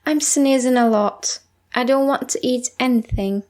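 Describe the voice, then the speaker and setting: A woman's voice: sits high, a little slow, darkish tone. A woman reading as a sick, eager boy.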